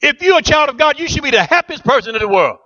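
A man's voice: very high-pitched, sing-song, quick pace, pushed and bright, dull audio. A middle-aged man preaching a rousing sermon as pastor, asking the church questions and answering them.

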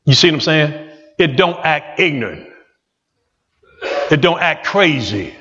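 A man's voice: a little high, animated, unhurried, bright, forceful tone, slight background noise. A man preaching a sermon in a church, folksy and repetitive, talking straight to the congregation. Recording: muffled echoey church hall recording.

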